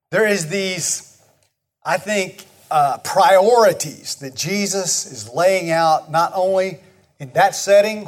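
A man with a Texan accent preaching a sermon, folksy and emphatic, leading the congregation to repeat words after him. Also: fairly high pitch. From Texas. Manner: folksy, emphatic repetition, leads the congregation in call-and-response. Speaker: pastor.

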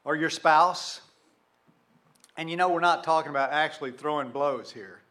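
A man's voice: fairly high pitch, normal speed, bright, forceful tone. A man, preaching a sermon and telling a story from his youth in a conversational way, full of rhetorical questions. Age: 60s. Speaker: pastor.

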